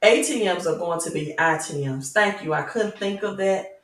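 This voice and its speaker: A Southern-accented woman with a fairly low voice hosts a crypto livestream at a normal speed, reading chat and preaching emphatically at viewers with rhetorical "right?" questions. Sitting back from the mic, she sounds distant in a roomy, echoing space.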